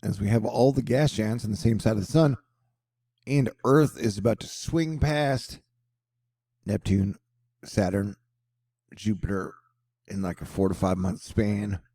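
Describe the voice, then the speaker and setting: Gravelly man joking through weather news. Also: on the low side, a little slow, long pauses, warm tone, dry recording, clean studio sound. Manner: joking, rambling, playful asides. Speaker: host. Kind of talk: casual weather news commentary.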